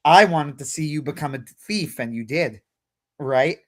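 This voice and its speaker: A man voicing a smug demon who grants wishes, delivered in a flat, matter-of-fact tone in a spoken retelling. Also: on the high side, moderate pace, close to an everyday voice. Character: smug deal-making demon, adult male.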